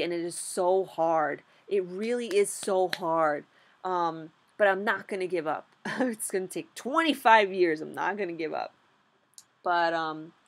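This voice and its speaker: Speaking in a lowish voice, a young adult woman recaps her beginner stock-trading journey vlog-style. She's animated and frank, leaning heavily on "like" and swearing frequently.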